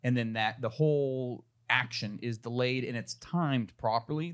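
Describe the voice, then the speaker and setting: A man with a medium-pitched voice works through a technical explanation on a casual podcast. He stops and restarts his phrases as he searches for the right words. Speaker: guest, pistol maker.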